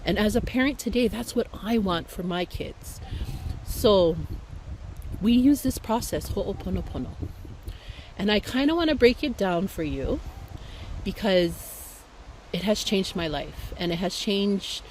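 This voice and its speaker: A woman's voice: mid-range voice, darkish tone, a little hiss or hum, poor audio. A woman from Hawaii speaking in a heartfelt, reflective way, telling a personal story as a speaker in an online talk. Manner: heartfelt, reflective, unhurried with fillers.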